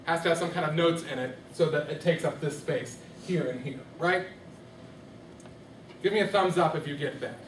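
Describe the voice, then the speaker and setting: A man's voice: on the high side, moderate pace, a little hiss or hum. A man teaching a music lesson to a classroom, asking students questions and coaxing answers. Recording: echoey classroom from far off.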